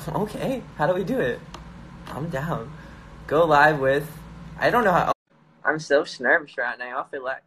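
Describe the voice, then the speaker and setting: A man's voice: a little high, sharp tone, slight background noise. Hyper, joking young man on stream. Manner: hyper, joking, reads viewer comments aloud. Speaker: YouTuber hosting a live stream. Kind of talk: casual live-stream chat. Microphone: phone.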